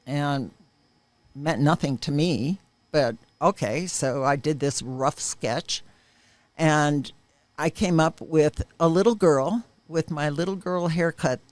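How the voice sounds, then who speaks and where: A woman with a low, slightly mellow voice speaks slowly in a recording with no room sound. Interviewed about her own life, she earnestly shares an emotional personal testimony, bringing certain moments vividly and emphatically to life.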